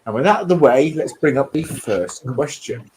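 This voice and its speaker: A man's voice: mid-range voice, animated, normal speed, darkish tone, slight background noise, rough recording. A man hosting a casual online quiz, reading out the rules and questions with joking asides. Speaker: quiz host.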